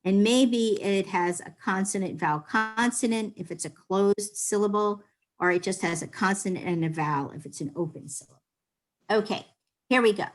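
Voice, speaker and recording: A woman's voice: mid-range voice, moderate pace. A woman teaching a beginners' Hebrew class over a video call, explaining patiently.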